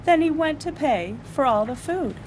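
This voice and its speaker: A woman reading a picture book aloud, animated and often laughing as she goes. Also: high-pitched, moderate pace. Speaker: storyteller. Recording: loud background noise.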